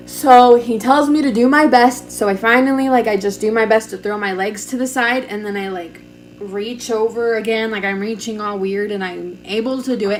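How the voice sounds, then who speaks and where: A woman's voice: fairly high pitch, slight background noise. A young woman telling a personal story in a chatty, casual way, full of "like" fillers, recorded on a camera mic at home. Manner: chatty, lots of "like", acts out quoted dialogue. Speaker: vlogger.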